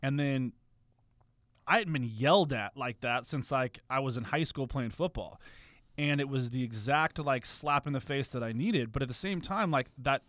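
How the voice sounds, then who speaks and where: A man's voice: medium pitch, a bit bright, no room sound. A man speaking as a podcast guest, raw and confessional, swearing freely. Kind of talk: candid podcast conversation.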